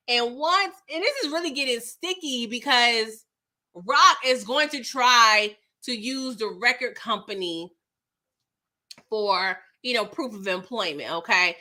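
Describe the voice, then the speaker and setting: Young female recap host, bright forward tone, casual and slangy, exasperated asides. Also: a little high, unhurried. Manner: chatty and slangy, reacting with exasperation. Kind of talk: casual live episode recap.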